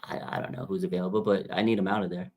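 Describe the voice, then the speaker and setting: A man's voice: sits low, little pitch movement, very fast, a little mellow. A man co-hosting a casual sports talk show, pushing his view bluntly and insistently at his co-host. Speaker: podcast co-host.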